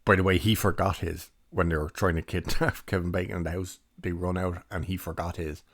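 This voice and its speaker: Low-voiced man chatting casually. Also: flat delivery, a little fast, no echo, studio quality. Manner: rambling, chatty, laughs while recounting. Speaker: film reviewer. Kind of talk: casual spoken film review.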